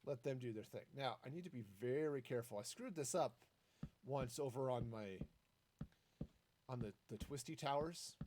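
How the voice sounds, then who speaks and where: A man's voice: moderate pace, slight background noise. A man streaming a building game, chatting in a rambling, easygoing way as he plays. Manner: chatty and rambling, lively swings in pitch. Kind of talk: casual gameplay commentary.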